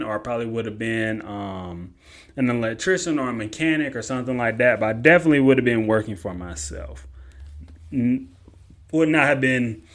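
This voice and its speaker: A young man hosting a casual question-and-answer show, talking in a relaxed, rambling way and repeating points as he goes. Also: medium pitch. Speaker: host answering listener questions. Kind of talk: casual Q&A podcast talk.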